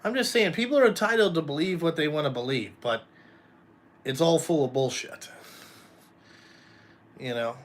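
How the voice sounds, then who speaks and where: A man's voice: on the high side, normal speed, long pauses. A man talking bluntly and casually to viewers, swearing often and rambling between topics. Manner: blunt, profane, rambling, addresses viewers directly. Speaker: trucking company owner and vlogger. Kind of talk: casual live chat.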